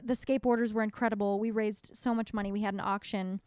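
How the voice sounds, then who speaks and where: A woman's voice: mid-range voice, little pitch movement, quick pace, a little mellow, clean tone, no room sound, studio quality. A young woman from North Dakota co-hosting a podcast, talking candidly and rambling, swearing freely in casual chat. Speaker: podcast co-host.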